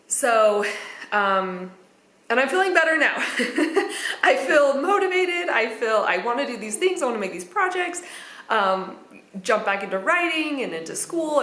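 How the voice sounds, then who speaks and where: A woman's voice: on the low side, a bit bright. A woman vlogging a candid personal account in a chatty way, with fillers and nervous little laughs. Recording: echoey room.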